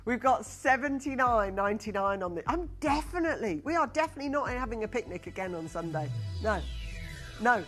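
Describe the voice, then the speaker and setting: A woman's voice: a little high, lively intonation, fairly quick, fairly bright tone, faint music behind. Chatty upbeat shopping channel presenter woman. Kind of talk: live TV sales pitch. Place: TV studio.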